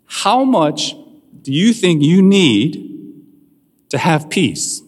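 A slightly high-voiced man preaching a sermon in a long, ringing hall reverb. He talks in a relaxed way and keeps turning to the congregation with questions. The tone is that of a pastor speaking to his people. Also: extremely slow. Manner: conversational preaching, asks the audience questions.

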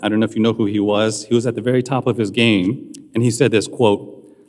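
A man's voice: lowish voice, steady tone, fairly quick, a little mellow, long reverb tail. A man preaching a sermon as a pastor, in a conversational way, often asking his listeners questions.

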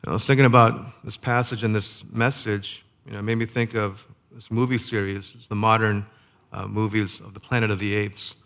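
A man's voice: on the low side, level tone, gravelly, fairly bright tone. Man preaching in a conversational way. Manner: conversational preaching, rhetorical questions, slows down for emphasis. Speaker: pastor. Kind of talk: sermon.

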